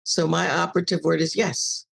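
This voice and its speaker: An older woman shares a personal story as a guest on a casual interview show. Her voice is gravelly and husky, and she lively acts out the voices in her tale. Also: sits low, moderate pace. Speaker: podcast guest.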